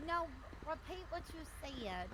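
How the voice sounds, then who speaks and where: A woman's voice: very high-pitched, sing-song, unhurried, a bit bright. A woman playing a doctor in a roleplay game, bantering playfully and teasing in a flirty way.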